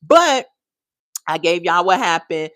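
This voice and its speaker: A woman's voice: lowish voice, big pitch swings, takes it slowly, a bit bright, no echo, studio quality. A woman giving a casual, sassy and exasperated video review, talking straight to her viewers. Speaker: TV show reviewer.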